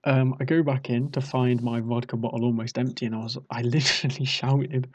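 A man's voice: medium pitch, flat delivery, fairly quick, hardly any pauses, a little mellow, lo-fi sound. Rambling young man telling a story. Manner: rambling, self-mocking, acts out drunk quotes. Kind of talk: casual storytelling.

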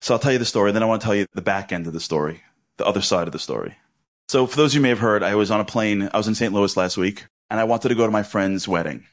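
Lively man telling a story. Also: on the low side. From Brooklyn, New York. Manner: lively, conversational, quick asides and humor. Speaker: inspirational speaker. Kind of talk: storytelling talk.

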